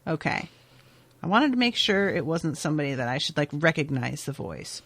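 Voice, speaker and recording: A woman podcast host casually recapping a TV episode, chatty and expressive, swearing now and then. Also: deep voice, moderate pace, no echo.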